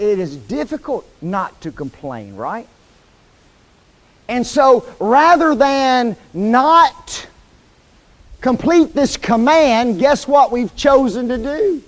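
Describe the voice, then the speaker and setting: A man preaching a sermon in a church, asking the congregation questions and quoting scripture slowly and emphatically. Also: very high-pitched, low-quality recording. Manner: lively call-and-response questions to the congregation. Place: church hall.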